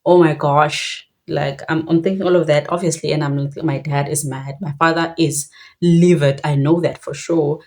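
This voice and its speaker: A woman's voice: low voice, fairly even intonation, moderate pace, darkish tone. A young woman with a South African Xhosa accent telling a personal story in a reflective way, switching between languages mid-sentence.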